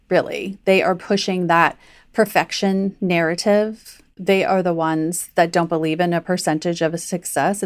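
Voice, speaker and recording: A woman health coach talking casually on a podcast, full of "like" and quick acted-out inner voices. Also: lowish voice, dry recording. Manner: chatty, frequent "like", acts out inner voices. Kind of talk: conversational podcast teaching.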